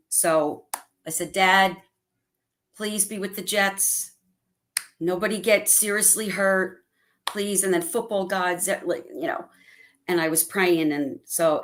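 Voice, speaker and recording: Animated middle-aged woman telling stories. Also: lowish voice. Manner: animated storytelling, acts out family quotes. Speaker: guest fan. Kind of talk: casual livestream chat. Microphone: video call.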